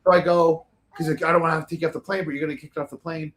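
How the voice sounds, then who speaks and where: A man telling casual, animated stories as a talk show guest, rambling with lots of fillers and restarts. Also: fairly high pitch, racing, a little hiss or hum.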